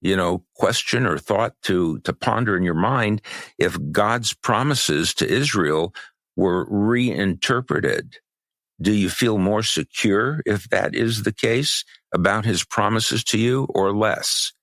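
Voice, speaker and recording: A man co-hosting a podcast, talking in a measured, halting way with many restarts, and losing his voice. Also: lowish voice, a bit bright, dry recording. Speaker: podcast co-host. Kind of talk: podcast conversation.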